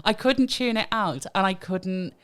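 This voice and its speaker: A woman's voice: medium pitch, unhurried, clean tone. A woman co-hosting a podcast, talking candidly and bluntly in casual chat, swearing now and then. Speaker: podcast co-host.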